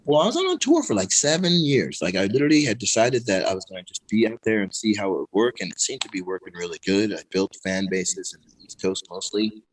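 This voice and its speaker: Animated middle-aged man telling stories. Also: fairly low pitch, fast, low-quality recording. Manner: animated, laughing storyteller who acts out quoted voices. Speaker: guest, pro skateboarder and musician. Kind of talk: casual interview storytelling.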